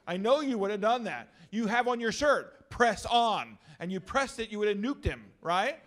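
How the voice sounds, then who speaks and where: A middle-aged male pastor giving an energetic, joking talk to a youth gathering. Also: high voice, moderate pace.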